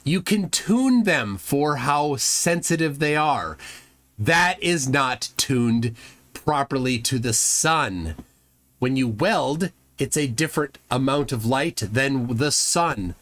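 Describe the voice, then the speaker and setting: A man hosting a casual reaction show, sarcastic and quick to laugh loudly at what he watches. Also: mid-range voice, expressive, dry recording. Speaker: host reacting to videos. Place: home room with a fan running.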